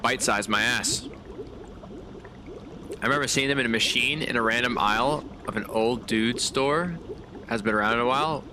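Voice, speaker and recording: Over a clear hum of background noise, a male game streamer talks a little fast through casual gameplay. His mid-pitched, ordinary voice rolls out laid-back slang, and he chuckles often.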